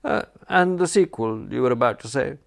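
A man's voice: mid-range voice, very animated, moderate pace, creaky, pitched above the performer's own voice. A man reading an audiobook, voicing a suave elderly lord who speaks politely with dry amusement. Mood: amused. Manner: polite, dryly amused, coaxing. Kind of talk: audiobook character voice.

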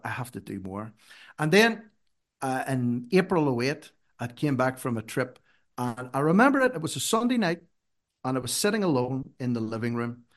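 Man, middle-aged, earnest storyteller, emphatic. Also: mid-range voice. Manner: earnest, emphatic, rises sharply when urging. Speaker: guest. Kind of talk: conversational storytelling.

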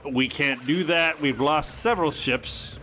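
A man's voice: a little high, a little slow, pushed and bright, slight background noise. A man narrating a tabletop game as game master in a dry, matter-of-fact way.

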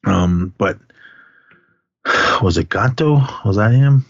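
A low-voiced man retells a movie scene by scene in a relaxed podcast chat, slipping into the characters' lines as he goes. The recording is dry and a little dull. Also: slow pace, gravelly, no room sound. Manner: retells scenes, quoting characters in pitched-up voices, laughs often. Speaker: podcast co-host. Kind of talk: casual movie recap.

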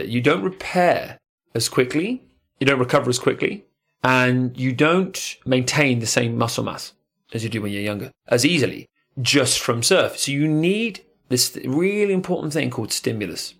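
A man's voice: medium pitch, animated, moderate pace, a bit bright, slightly rough. A man hosting a podcast in casual chat, talking in an emphatic, motivational way.

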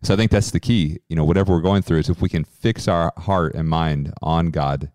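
A man co-hosting a faith podcast, speaking in a calm, measured way. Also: deep voice, dry recording, studio quality. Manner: calm, measured, quotes scripture. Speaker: co-host.

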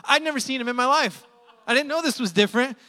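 A male pastor delivers a storytelling sermon with a high, bright, forceful tone. He talks casually and emphatically, tossing in quick asides. His voice rings with the long reverb of a large hall.

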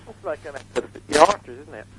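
A man's voice: on the high side, lively intonation, fast, fairly bright tone. A man being interviewed as the writer of a comedy, hesitant, with many ums and chuckles. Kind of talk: radio interview. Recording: tinny phone line.

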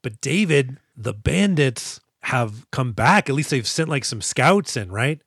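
A man co-hosting a casual movie-review podcast, animated and profane, acting out characters as he recaps scenes. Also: mid-range voice, unhurried, slightly rough, no echo, studio quality. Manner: animated, swearing, acts out characters in quotes. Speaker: podcast co-host.

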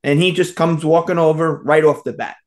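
Man, storytelling, animated, acts out quotes, laughs a lot, slightly high voice. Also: brisk. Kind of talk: casual storytelling.

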